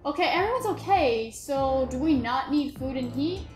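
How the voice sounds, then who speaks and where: A woman's voice: high voice, lively intonation, moderate pace, darkish tone, echoey room, soft background music. A woman chatting in a self-mocking, giggly way as she plays a video game, commenting on the game. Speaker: gamer. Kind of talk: let's play commentary.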